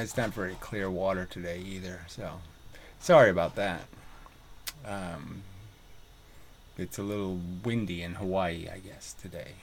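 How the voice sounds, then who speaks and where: His voice sits low and sounds gravelly as he vlogs outside on a windy day near the water, captured by a camera mic. The monologue wanders, swears a lot, and is dotted with fillers and laughing asides.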